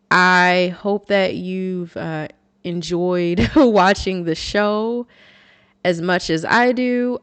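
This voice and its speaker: A woman's voice: on the low side, no echo. A woman hosting her own channel, chatting casually in a musing way and often correcting herself. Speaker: channel host. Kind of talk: casual vlog commentary.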